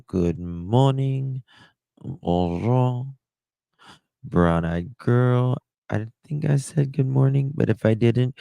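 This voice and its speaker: Slow gravelly man hosting a livestream. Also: fairly low pitch, dark tone, no echo. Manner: greets chatters one by one, candid and profane. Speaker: livestream host. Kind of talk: casual live-stream chat.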